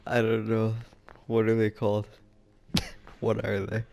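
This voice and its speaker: A man's voice: on the low side, monotone, measured pace, creaky, noisy background. A man in casual voice chat, laughing hard and swearing as he jokes, talking through a headset. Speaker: gamer in voice chat.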